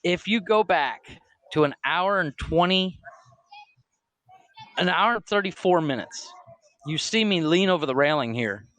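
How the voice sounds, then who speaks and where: A man's voice: high voice, lively intonation, a little slow, pauses often, a bit bright, no room sound. A man co-hosting a casual comedy podcast, telling a story in a loose, swearing way and laughing often. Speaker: podcast co-host.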